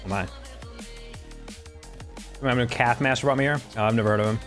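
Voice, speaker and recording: A young man streams a game and talks casually to his chat in a voice of middle pitch. He slides into slangy, profane rants about teammates. Faint game music plays under his voice. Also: fast, fairly bright tone. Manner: laid-back, ranting with profanity and slang. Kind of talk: casual gameplay commentary to chat.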